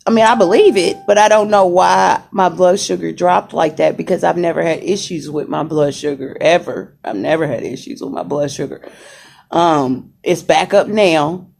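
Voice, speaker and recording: Young woman vlogging to her viewers from a hospital bed on a phone; slow, gravelly, chatty, greets viewers by name. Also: on the low side, darkish tone. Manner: chatty, laughing, says y'all, greets commenters. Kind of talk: casual chat to viewers. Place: hospital room. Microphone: phone camera.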